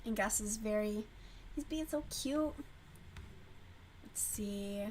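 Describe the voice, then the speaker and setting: A woman's voice: mid-range voice, slow, darkish tone, slight background noise. A woman hosting a casual livestream while crocheting, chatting loosely, swearing freely and answering her chat as she goes. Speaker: livestream host.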